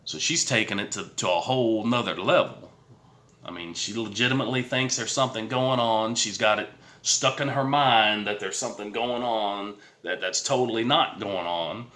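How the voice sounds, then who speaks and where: A man's voice: lowish voice, normal speed, pushed and bright. A man telling a personal story in a blunt, plain-spoken way to his viewers, swearing now and then. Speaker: vlogger. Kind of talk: casual storytelling. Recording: roomy echo.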